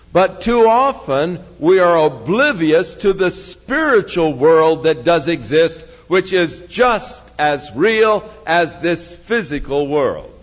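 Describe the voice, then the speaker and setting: A man preaching slowly and earnestly, explaining a story to a congregation. His voice sits slightly high. It comes through a dull, lo-fi recording in a church with a long reverb. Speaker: pastor. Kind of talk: sermon.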